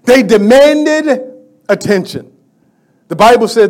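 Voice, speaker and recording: A man's voice: high voice, moderate pace, a little mellow. A middle-aged male pastor preaching a sermon in a fervent, conversational way, repeating phrases and calling out to the church.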